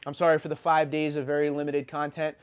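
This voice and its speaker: Opinionated livestream host with a sore throat. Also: male voice, a little high, quick pace, clear, resonant tone. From New York. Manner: animated, opinionated ranting. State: sore throat, just recovered from illness. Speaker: YouTube channel host. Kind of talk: livestream rant and reading viewer comments.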